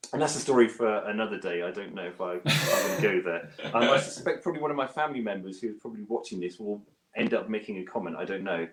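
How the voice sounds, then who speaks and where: A British man, a guest bass player, chatting self-deprecatingly from his home studio over a video call. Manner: chatty and self-deprecating, with lively pitch jumps. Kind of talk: casual interview chat. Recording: roomy echo.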